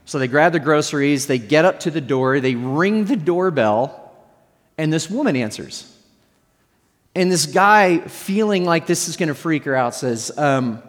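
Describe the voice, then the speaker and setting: A man's voice: fairly high pitch, animated, normal speed. A man preaching a sermon as pastor, telling a story with humorous asides to his congregation. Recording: long hall reverb.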